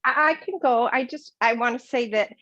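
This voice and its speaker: A woman's voice: a little high, normal speed, pushed and bright, dry recording, dull audio. A woman on a team video call, explaining her methods step by step in a friendly, casual way. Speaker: team member sharing tips on a call. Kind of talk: casual group call talk.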